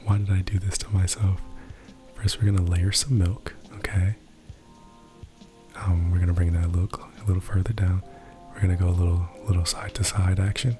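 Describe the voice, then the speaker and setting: A man doing whispered role-play as an ASMR creator, soft-spoken, rambling and self-deprecating. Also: low-pitched, little pitch movement, brisk, over music.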